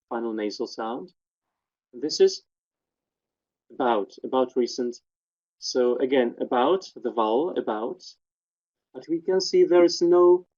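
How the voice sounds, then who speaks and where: A man gives a step-by-step technical lecture at a webinar, pointing out each detail in turn. His voice is dark and mellow at a middle pitch. The webinar audio sounds dull and lo-fi. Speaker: webinar presenter. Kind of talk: technical lecture walking through spectrograms.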